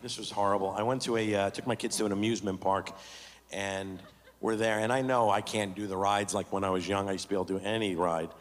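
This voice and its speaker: A man doing stand-up comedy as an animated, self-mocking storyteller on a large theater stage. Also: lowish voice, quick pace. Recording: reverberant stage recording with background noise.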